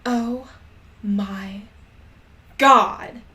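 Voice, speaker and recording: A woman voicing a moody teenage goth girl who shouts and gushes. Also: medium pitch, fairly even intonation, takes it slowly. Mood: dramatic. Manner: shouting and gushing.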